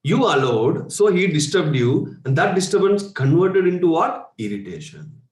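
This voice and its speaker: A man's voice: fairly high pitch, very animated, moderate pace, darkish tone. Indian man coaching meditation, echoey room. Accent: Indian English. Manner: conversational, rhetorical questions, chuckles. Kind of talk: spiritual workshop talk.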